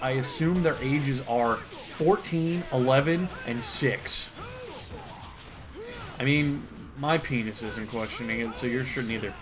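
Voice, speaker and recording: A man from the United States giving a sarcastic, profane, rambling comedic reading. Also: medium pitch. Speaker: comedy commentator.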